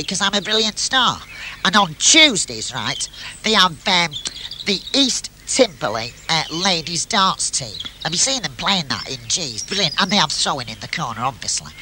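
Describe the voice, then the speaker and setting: A man, telling a comedy audio story in an excitable, nasal character voice. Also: high-pitched, slight background noise. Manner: nasal, excitable, full of "brilliant". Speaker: comic character narrator.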